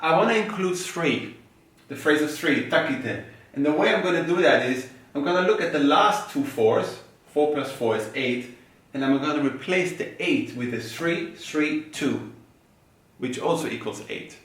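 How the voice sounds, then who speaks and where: A man's voice: fairly high pitch, lively intonation, normal speed, fairly bright tone. A man giving a rhythm lesson, patiently explaining step by step and chanting rhythm syllables in time. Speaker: rhythm teacher. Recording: very echoey room, mic far off.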